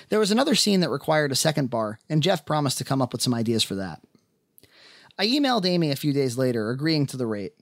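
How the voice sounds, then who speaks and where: An independent filmmaker narrating the making of his film in measured, wry first person. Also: medium pitch, no echo, clean studio sound.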